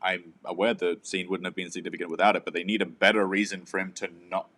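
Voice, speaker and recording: A man co-hosting a live film chat, his voice low and his pace quick. He is offhand and blunt, and drops the odd curse while riffing. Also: level tone, fairly bright tone. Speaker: co-host of a live movie chat stream. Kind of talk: casual chat.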